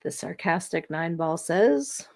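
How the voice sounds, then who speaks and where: A chatty podcast host runs a live stream, casually reading viewer comments aloud, laughing easily, and keeping a loose, friendly flow going. Her voice is fairly low, expressive, gravelly and a little mellow, and she takes her time.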